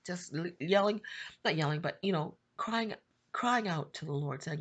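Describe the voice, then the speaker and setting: A middle-aged woman speaks with a lowish voice as she pours out an emotional personal testimony. Her delivery is impassioned and repetitive, and she often climbs to high, pleading cries. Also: expressive, moderate pace. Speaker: Christian YouTube prophetic channel host.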